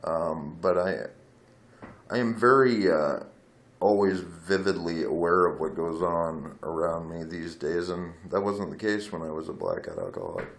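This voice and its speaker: Blunt low-voiced man rambling at a phone. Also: expressive, measured pace, vocal fry. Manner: candid, blunt, swears freely, digressive. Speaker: vlogger. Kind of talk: rambling personal storytelling. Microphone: phone camera.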